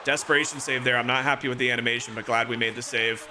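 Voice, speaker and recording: A man's voice: mid-range voice, level tone, fast, hardly any pauses, noisy background. A man from Toronto, Canada, streaming a hockey video game and calling the play-by-play with chatty asides. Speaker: gaming streamer.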